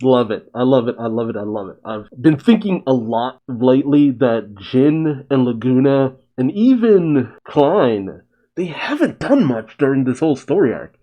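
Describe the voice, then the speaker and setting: A man's voice: medium pitch, normal speed, lo-fi sound. A man hosting a manga reaction, recapping the chapter in a chatty, enthusiastic way. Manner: chatty, enthusiastic, excited interjections.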